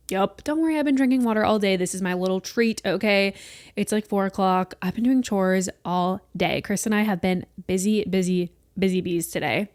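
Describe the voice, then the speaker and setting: A young woman in her twenties talks through her week on a solo podcast, chatty and rambling, quick to poke fun at herself. Her voice sits at an ordinary middle pitch. It is recorded close on a podcast mic in a dry room with no echo. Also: darkish tone. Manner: chatty, rambling, self-deprecating. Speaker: podcast host. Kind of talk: casual solo podcast chat. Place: small room at home.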